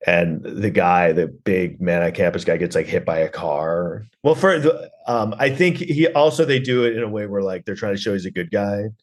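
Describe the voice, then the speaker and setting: A man's voice: deep voice, normal speed. A man hosting a podcast, recapping a film in a rambling, sarcastic way, full of fillers and swearing. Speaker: podcast host reviewing a film.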